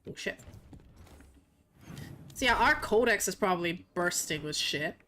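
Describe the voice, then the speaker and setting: A woman's voice: on the low side, expressive, unhurried, pushed and bright, slight background noise. A young woman streaming a video game, chatting casually in a playful, joking way and swearing freely. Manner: playful, swearing, laughing often. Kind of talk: casual gaming commentary.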